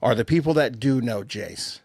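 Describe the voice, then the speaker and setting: A man co-hosts a podcast and tells his stories with lots of swearing and laughter. His voice sits at an average pitch. It is recorded close on a mic, very dry, with no room sound. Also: moderate pace, no room sound. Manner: profane, animated storytelling with frequent laughter. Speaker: podcast co-host. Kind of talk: casual chat.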